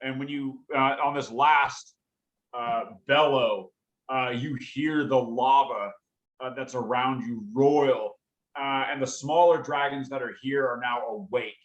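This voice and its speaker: A man narrating as game master for a tabletop game, halting with many fillers. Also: mid-range voice, fairly even intonation, muffled recording. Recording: roomy echo.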